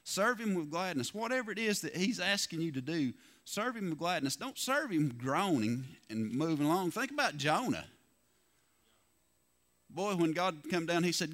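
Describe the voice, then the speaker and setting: A man preaching a sermon, folksy and lively, asking the congregation rhetorical questions. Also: fairly high pitch, normal speed. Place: church.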